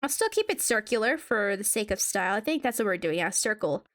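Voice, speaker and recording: A woman's voice: medium pitch, big pitch swings, fairly quick, a bit bright. A woman streamer chatting casually to her viewers while she draws, laughing often and humming along to music. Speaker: VTuber streamer. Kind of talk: casual live-stream chat while drawing.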